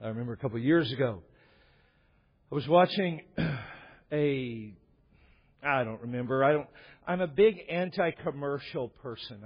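A man's voice: mid-range voice, husky. A man preaching a sermon as a pastor, telling stories in a conversational way with wry asides. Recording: dull echoey hall recording.

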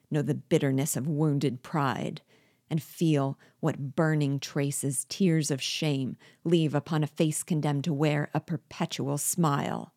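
A woman's voice: low voice, a little mellow, no room sound, clean studio sound. A woman reading aloud as a vengeful, scheming male dwarf who was once a jester, speaking with bitter, gloating deliberation.

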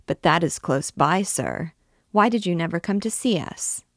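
A woman's voice: fairly low pitch, lively intonation, normal speed, dry recording, studio quality. A woman reading a fretful young noblewoman. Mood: anxious. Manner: pleading, insistent questions. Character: anxious young noblewoman in love.

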